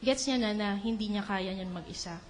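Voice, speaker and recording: A woman with a Filipino accent gives a religious teaching talk, moving between English and Tagalog and acting out quotes in a lively way. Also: mid-range voice, fairly quick, a little hiss or hum. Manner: animated, mixes English and Tagalog, acts out quotes with laughter. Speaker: preacher.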